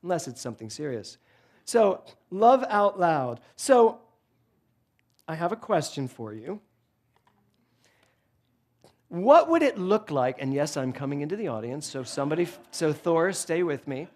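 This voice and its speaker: A male minister delivering a sermon in a church, telling humorous stories in an animated, joking way into a handheld microphone. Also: fairly high pitch, moderate pace. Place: church sanctuary before a congregation.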